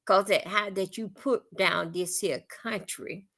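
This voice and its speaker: A woman's voice: medium pitch, fairly even intonation, unhurried, a bit bright. A woman from Florida with a Southern accent, ranting bluntly and profanely on a live stream, rambling and repeating herself. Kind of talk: live-stream commentary rant.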